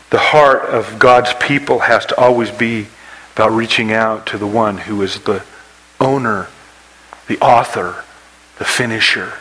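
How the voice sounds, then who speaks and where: A man preaching a sermon, telling a story with rising excitement and dropping to a hush for quoted prayers. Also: breathy edge, poor audio. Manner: storytelling preacher, acts out scenes with rising pitch. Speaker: pastor.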